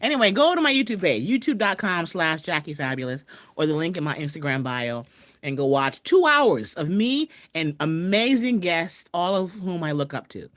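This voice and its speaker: A woman hosting a casual livestream from home, chatting and shouting out viewers over a video call mic. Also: fairly low pitch, big pitch swings, normal speed, no echo. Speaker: host. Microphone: computer mic on a video call.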